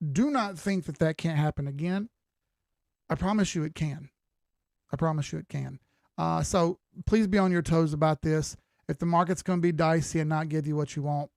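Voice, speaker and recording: A man's voice: on the high side, creaky, a little mellow, dry recording, clean studio sound. A tired man giving casual live-stream commentary on crypto charts, talking in a loose, folksy way and often repeating himself. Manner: conversational, repeats phrases, folksy slang. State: tired, yawning.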